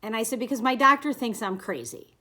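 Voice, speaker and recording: A middle-aged woman telling a personal story to camera in a casual, animated way, acting out the dialogue. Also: fairly high pitch, fairly quick. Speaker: vlogger sharing her experience.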